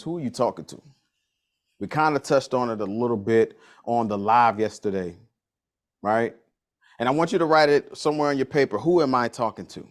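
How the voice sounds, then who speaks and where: A man leading a business coaching workshop in a casual, slangy way, repeating key lines for emphasis. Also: medium pitch. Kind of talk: motivational workshop talk.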